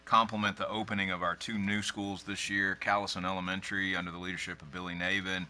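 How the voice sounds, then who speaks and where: A man's voice: low-pitched, level tone, quick pace, bright, forceful tone. A man, a school superintendent, reporting to a board in a conversational way with many "uh" fillers.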